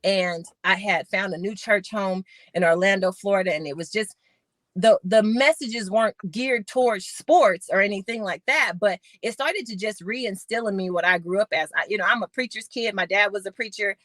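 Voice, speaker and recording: A middle-aged woman, a podcast guest and former Olympic sprinter, telling her story with animated retellings of conversations. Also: mid-range voice, moderate pace, dry recording. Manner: animated storyteller acting out quoted voices.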